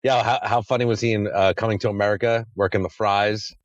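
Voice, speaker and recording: A man's voice: lowish voice, fairly even intonation, fast talker, lo-fi sound. A man hosting a podcast in a casual chat, rambling and swearing freely. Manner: crude, profane, rambling. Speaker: podcast host.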